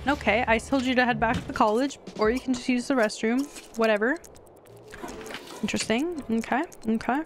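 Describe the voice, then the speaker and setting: Young female streamer, casual and excitable, talking to chat over faint background music. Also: on the high side, a little fast. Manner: chatty, excitable, talks to chat. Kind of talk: casual gameplay commentary.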